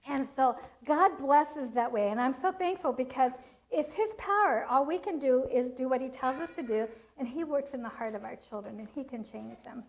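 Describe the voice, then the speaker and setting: Woman, middle-aged, animated storyteller, slightly high voice, laughs a lot. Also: moderate pace, poor audio. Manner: animated storytelling, laughs often, acts out quotes. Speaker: Christian child-training speaker. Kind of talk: storytelling talk to a church audience.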